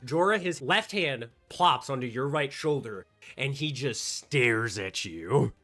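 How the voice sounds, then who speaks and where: Slow bright-voiced male game master. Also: mid-range voice, expressive, faint music behind. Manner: descriptive, playful. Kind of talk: narrating a tabletop game.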